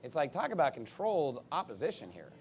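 A man preaching a sermon in an emphatic, combative way, with sarcastic asides and big swings in pitch and loudness. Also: wildly swooping pitch, a little fast, slight background noise.

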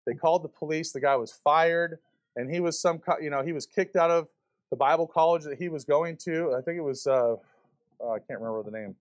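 A man's voice: fairly high pitch, a little fast. A man preaching a fiery sermon to a church congregation, firing rhetorical questions at the pews. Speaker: visiting preacher.

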